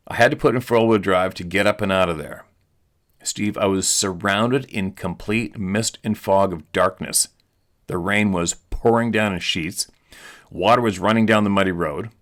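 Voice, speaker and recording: A male host reading a listener's eyewitness letter aloud in an earnest, steady storytelling manner. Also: lowish voice.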